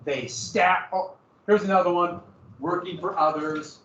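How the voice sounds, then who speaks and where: High-voiced male teacher, echoey classroom. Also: measured pace, a little hiss or hum. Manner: lively, sarcastic asides to students. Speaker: history teacher. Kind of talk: classroom lecture. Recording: echoey, distant, dull classroom recording.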